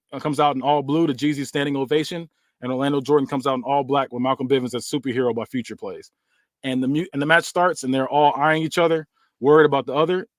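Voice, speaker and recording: A man's voice: medium pitch, no room sound. A young man, a podcast host, casually narrating a made-up wrestling story with frequent fillers. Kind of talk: fantasy booking narration.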